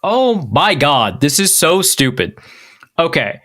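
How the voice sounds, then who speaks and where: A man from North Dakota co-hosting a podcast, telling stories in an animated way and laughing often. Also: on the high side, takes it slowly. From North Dakota, USA. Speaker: podcast co-host. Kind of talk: casual chat.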